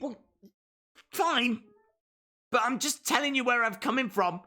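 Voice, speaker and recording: A man's voice: very high voice, lively intonation, measured pace, sharp tone. A man hosting a live reaction stream, chatting playfully and reading viewer comments aloud.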